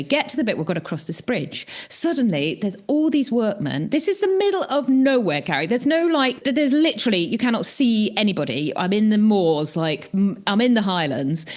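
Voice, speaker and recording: A woman co-hosting a podcast, telling a story in a casual, animated way, acting out what people said and laughing often. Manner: animated, acts out quotes with big pitch jumps; laughs often, many restarts. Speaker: podcast co-host.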